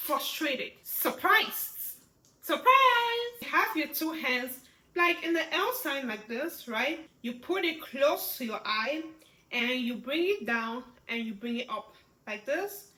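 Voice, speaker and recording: A pregnant woman teaching a sign language lesson in an expressive way, often checking in with "right?". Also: high-pitched, measured pace, echoey room, poor audio. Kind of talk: instructional lesson.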